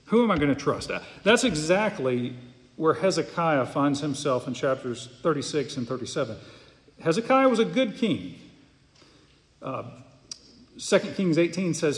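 A man's voice: fairly high pitch, sing-song, unhurried. A pastor preaching an earnest, emphatic sermon, often repeating words as he goes. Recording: long hall reverb.

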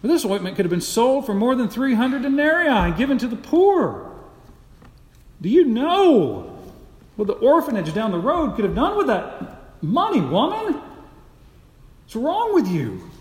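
Scandalized banquet guest, shrill and outraged, put on by a preacher; booming reverberant hall. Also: male voice, huge pitch swings, a little slow, long pauses, full character voice. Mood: indignant. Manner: loud, high and exasperated. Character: indignant male dinner guest, scandalized. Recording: echoey hall, far from mic.

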